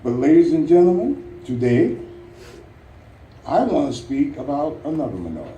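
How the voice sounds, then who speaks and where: A man from Louisiana giving an earnest, rousing ceremonial speech outdoors, with dramatic pauses and light jokes. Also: a little high, very animated, warm tone, slight background noise. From Louisiana, United States. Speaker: Veterans Day ceremony speaker. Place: outdoor memorial ceremony at a national cemetery. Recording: echoey, distant, faint outdoor ambience.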